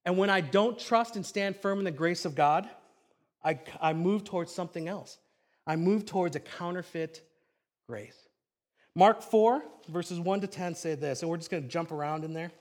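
High-voiced man preaching a sermon. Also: normal speed. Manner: animated storytelling, swinging from hushed to loud. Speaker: pastor.

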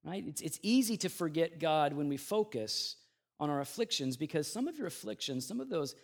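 High-voiced man preaching conversationally. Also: lively intonation, a little fast. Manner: conversational preaching, swings from loud emphasis to quiet asides; plays out the grumbling people in a raised voice. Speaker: pastor. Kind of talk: sermon.

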